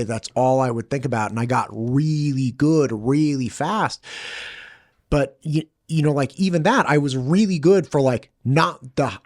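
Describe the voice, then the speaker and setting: A man hosting a podcast, casually retelling a film in an animated way and acting out the quotes. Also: mid-range voice, no room sound, studio quality. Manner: retells a film scene with quick acted quotes. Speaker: podcast host. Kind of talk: casual chat, animated storytelling. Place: studio.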